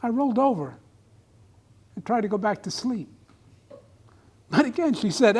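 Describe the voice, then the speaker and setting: A man's voice: high voice, big pitch swings, normal speed, long pauses, a little mellow, husky. A man giving a humorous speech at a club meeting, telling a comic story to a live audience. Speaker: club speaker.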